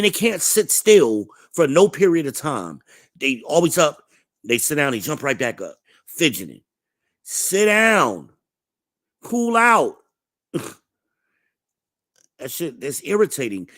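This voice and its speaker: A man's voice: medium pitch, dry recording, studio quality. A man in his forties telling blunt, profane stories in a laid-back, casual vlog monologue. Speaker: vlogger.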